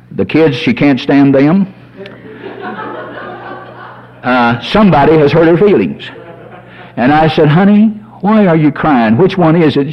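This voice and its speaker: A man preaching a sermon as a pastor, folksy and animated, telling humorous stories. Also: fairly high pitch. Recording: dull lo-fi sermon recording.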